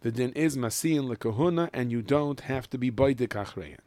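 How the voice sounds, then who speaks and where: A man teaching a Mishnah lesson in Yeshivish English with Ashkenazi Hebrew, explaining each line and chanting the Hebrew text slowly. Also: mid-range voice, darkish tone, no echo. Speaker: Torah teacher.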